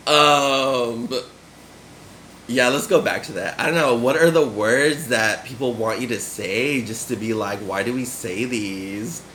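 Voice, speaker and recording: Slow rambling young man, bright voice. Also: medium pitch, big pitch swings, a little hiss or hum. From grew up in Nevada. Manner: rambling, filler-heavy, giggly, laughs often. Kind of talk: casual rambling monologue.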